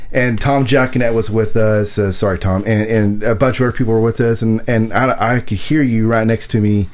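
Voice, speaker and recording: Low-voiced man telling a wry story. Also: fairly even intonation, brisk, hardly any pauses, a little mellow. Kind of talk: casual conversation.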